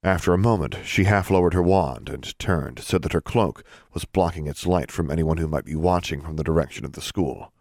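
A man narrating a fantasy story as an audiobook, steady storytelling with expressive dialogue. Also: a bass voice, brisk, vocal fry, few pauses, no room sound, clean studio sound.

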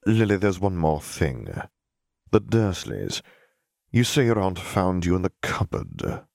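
A cold, cryptic wizard, read by a man speaks in a deep, gravelly voice. He is measured and aloof, with a faint menace under every word. The sound is dry and close. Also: very animated, darkish tone, no echo, exaggerated voice. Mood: cool, cryptic. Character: cryptic, cold middle-aged male wizard.

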